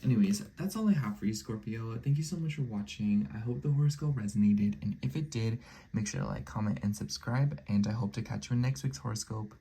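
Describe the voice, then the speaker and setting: Low, dark, husky-voiced casual astrologer man. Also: fairly quick. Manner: rambling, many filler likes, slips into soft whispers. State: a little sick. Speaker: astrology and tarot reader. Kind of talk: casual horoscope reading.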